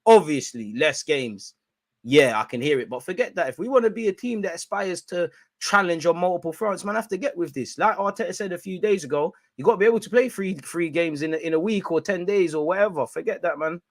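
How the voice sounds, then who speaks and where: A young man giving excitable, slang-filled banter on a live football watch-along stream. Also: high-pitched, fairly quick, no room sound.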